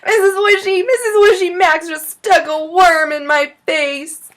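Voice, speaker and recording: A woman's voice: very high voice, steady tone, unhurried, fairly bright tone, voice pushed up. A woman voicing a fussy, prissy young schoolgirl who complains and squeals in a storybook reading. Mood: whiny.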